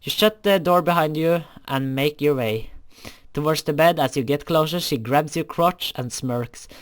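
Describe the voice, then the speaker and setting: A man's voice: on the high side, moderate pace. A young man reading a fan story aloud, often stumbling over words and correcting himself.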